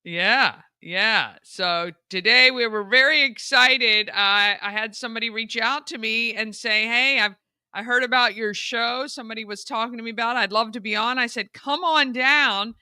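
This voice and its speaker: A woman's voice: a little high, fairly even intonation, moderate pace, bright, forceful tone, smooth, dry recording. A woman hosting a live morning show, chatting in an effusive, bubbly way. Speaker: host.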